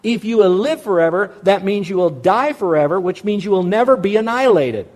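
A male pastor preaches in a voice set a little higher than most men's. He drives his points home with repetition. He poses questions and then answers them himself. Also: lively intonation, brisk, darkish tone. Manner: emphatic, repeats key words, asks and answers his own questions. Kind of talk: sermon.

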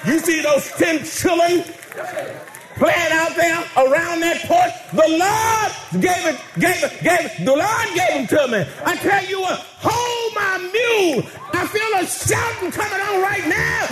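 A man voicing a joyful farmer man, proudly listing his blessings until he bursts into shouting praise. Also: extremely high pitch, expressive, slow pace, long pauses, a crowd in the background, full character voice. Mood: exultant. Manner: boastful listing, building into shouting.

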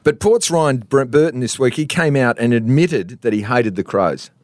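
A man's voice: mid-range voice, moderate pace, no echo. A middle-aged Australian bloke in loose sports banter. He rambles through stories and needles his co-host, his voice sitting mid-range for a man. The sound is dry and close, with no room in it. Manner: jokey, teasing, rambling storyteller.

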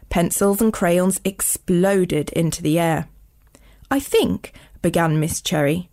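A woman, a children's author, reading her own storybook aloud with clear, expressive delivery. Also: on the low side.

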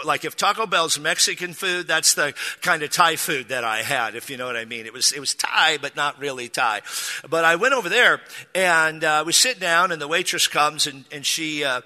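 A man's voice: on the high side, pushed and bright. A middle-aged man from Texas preaching a sermon, telling a humorous story with self-deprecating, jokey asides. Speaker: pastor. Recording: long hall reverb.

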